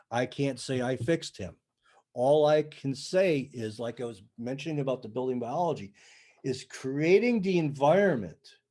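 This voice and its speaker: An older man with a mellow, warm tone, chatting casually as a podcast guest. He tells his story in a lively way, acting out each side of the conversation. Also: medium pitch. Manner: animated storyteller, acts out dialogue. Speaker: sound healing practitioner, podcast guest.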